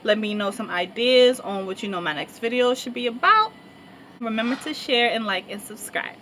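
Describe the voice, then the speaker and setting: A young woman with a slightly high voice tells a casual, rambling storytime to her viewers, loaded with fillers. A faint hiss of noise sits under her voice. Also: expressive, normal speed, a bit bright. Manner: chatty, rambling, lots of fillers and laughter. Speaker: vlogger.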